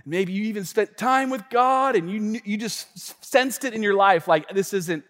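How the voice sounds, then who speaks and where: A pastor delivers a sermon in a high-pitched, animated voice, swinging between hushed asides and loud bursts. He talks conversationally, checking in with the room as he tells a story. A long reverb rings around him in a large church hall. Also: moderate pace. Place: church sanctuary.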